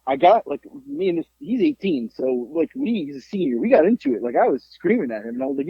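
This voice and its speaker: A middle-aged man telling a story in a casual podcast chat, animated and profane. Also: a little high, fast talker, few pauses, husky, dry recording. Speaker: podcast co-host. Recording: dull lo-fi podcast audio.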